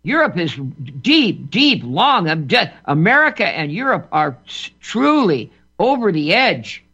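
A man's voice: sits high, big pitch swings, unhurried, sharp tone, breathy edge. A man giving an emphatic political monologue as a commentator, often repeating words and restarting phrases. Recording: dull lo-fi recording.

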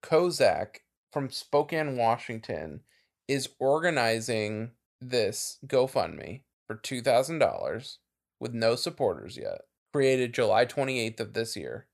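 Man, podcast co-host, gravelly voice with an animated pitch and a rambling, laughing delivery. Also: slow pace. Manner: chatty, laughing, trailing off with fillers. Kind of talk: casual chat.

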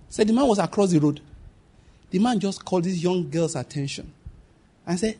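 A male pastor preaching a sermon, emphatic, reading scripture slowly and repeating key phrases. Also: high voice, dark tone, breathy edge.

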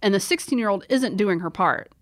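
A woman's voice: medium pitch, lively intonation, fairly quick. A woman co-hosting a casual book podcast, reacting emphatically and exasperatedly to the story. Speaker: podcast co-host.

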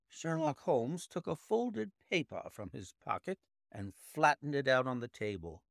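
A man, the podcast's host, narrating a classic short story in a measured way. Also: mid-range voice, very animated, creaky, no echo, clean studio sound. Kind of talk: audiobook narration.

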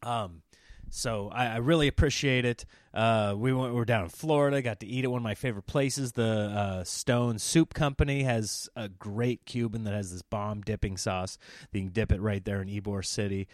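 A man from Nebraska hosting his own comedy podcast, rambling through animated stories and acting out what people said. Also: lowish voice, moderate pace, dry recording, studio quality. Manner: rambling, animated storytelling with acted-out quotes. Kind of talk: casual monologue.

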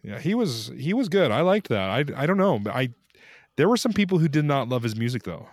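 A man's voice: mid-range voice, sing-song, fairly quick, no echo, clean studio sound. A man in his thirties co-hosting a podcast in casual chat, rambling and chuckling with lots of fillers. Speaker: podcast co-host.

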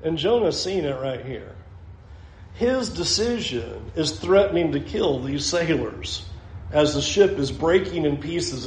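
Male pastor, higher voice, emphatic sermon delivery with rhetorical questions, echoey room. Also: darkish tone. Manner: emphatic, repeats phrases for effect, asks questions.

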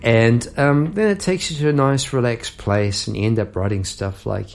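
Gravelly-voiced man rambling on tangents. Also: medium pitch, normal speed, few pauses. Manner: chatty, jokey, goes off on tangents with frequent laughs. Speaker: songwriter and podcast host. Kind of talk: rambling casual monologue. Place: home room at a piano.

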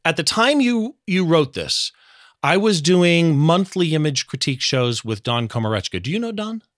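A man hosting an interview show, talking enthusiastically and quickly as he sets up his questions. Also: a little high, sing-song, dry recording, studio quality. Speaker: podcast host. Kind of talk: casual interview.

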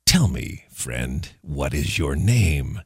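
A sly, wheedling hill devil from a storybook tale, voiced by a man, drawing out his words slowly and low with a sneer. The voice sits extremely deep and husky. The sound is dry, with faint music underneath. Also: sing-song, no echo, heavily acted. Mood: coaxing.

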